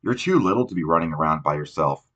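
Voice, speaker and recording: A man's voice: a bass voice, expressive, fast talker, fairly bright tone, lo-fi sound, exaggerated voice. An audiobook narrator playing a fussy male caretaker of children, who scolds in a raised voice. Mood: scolding.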